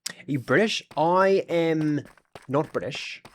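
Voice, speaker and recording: A man's voice: a little high, takes it slowly. A man with an Australian accent, chatting casually with his audience during a gaming livestream in a rambling, talkative way. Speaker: streamer.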